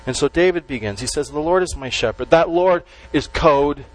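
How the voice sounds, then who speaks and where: Man preaching with slow emphatic stresses. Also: a little high, lively intonation, poor audio. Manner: emphatic, with slow stressed words and dropped endings. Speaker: pastor. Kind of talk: sermon.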